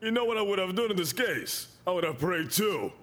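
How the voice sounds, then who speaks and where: High, animated male preacher. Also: fairly quick. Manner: animated preaching, swelling to shouts; storytelling with acted quotes. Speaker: bishop and preacher. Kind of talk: sermon.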